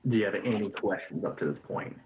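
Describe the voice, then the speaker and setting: A man's voice: on the low side, animated, a little fast, reverberant, muffled recording, noisy background, lightly acted. A man voicing a greedy, scheming old Roman master who sneers at others. He is heard over an online voice chat. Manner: sneering, condescending.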